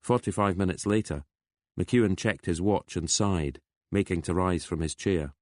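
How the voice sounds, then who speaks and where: Deep-voiced man narrating a crime novel. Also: normal speed, no echo, studio quality. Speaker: audiobook narrator.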